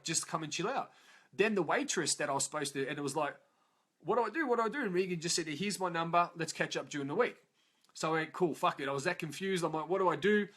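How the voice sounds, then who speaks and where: Rambling Australian man telling a story. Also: fairly high pitch. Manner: rambling, animated, swears freely. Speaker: speaker telling his life story. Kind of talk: casual storytelling.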